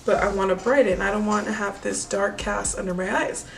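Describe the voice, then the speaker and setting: A woman's voice: medium pitch, brisk, gravelly, recorded from a distance, a little hiss or hum, low-quality recording. Chatty woman telling a beauty story. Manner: chatty, animated storytelling, acts out quoted voices. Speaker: beauty vlogger. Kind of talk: casual story time.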